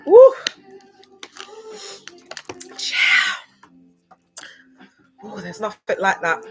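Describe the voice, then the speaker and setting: A woman's voice: mid-range voice, normal speed, over music. A woman talking to livestream viewers in a loose, slangy, digressive way, drifting between topics. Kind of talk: rambling livestream talk to viewers.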